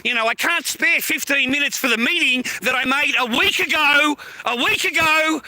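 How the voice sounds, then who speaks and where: A man's voice: extremely high pitch, moderate pace, sharp tone, dry recording, pitched above the performer's own voice, exaggerated voice. A man mimicking a smug whiny office worker. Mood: mocking. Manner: mocking, sing-song whiny. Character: smug self-important male office worker.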